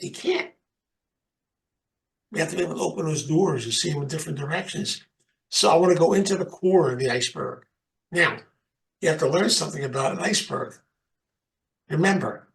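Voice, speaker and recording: A man's voice: a little high, creaky, poor audio. An older man giving an informal motivational talk to a recovery group, conversational and repeating phrases for emphasis. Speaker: recovery program speaker.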